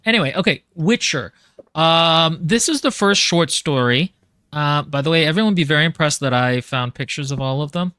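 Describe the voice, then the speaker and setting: Bright-voiced man chatting on a livestream. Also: fairly high pitch, animated, normal speed, clear, resonant tone, no room sound, studio quality. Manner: rambling, reads comments aloud mid-talk. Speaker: podcast host. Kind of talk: casual livestream chat.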